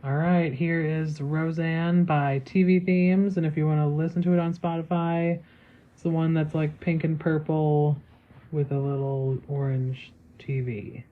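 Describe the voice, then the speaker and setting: A woman hosting a casual podcast, chatty and quick to laugh. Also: low voice, steady tone. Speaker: podcast host. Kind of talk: casual chat. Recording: tinny phone-like sound with faint noise.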